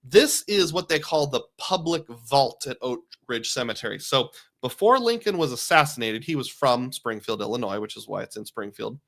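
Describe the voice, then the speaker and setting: A man's voice: medium pitch, animated, moderate pace, few pauses, a bit bright. A middle-aged man from Iowa hosting a live stream, chatting casually and answering viewer questions in a rambling way.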